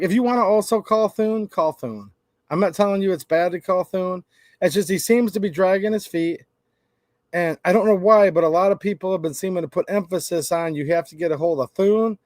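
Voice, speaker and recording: A man's voice: sits high, darkish tone, no echo. A man hosting a channel, ranting brashly in casual livestream commentary to his chat. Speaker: host.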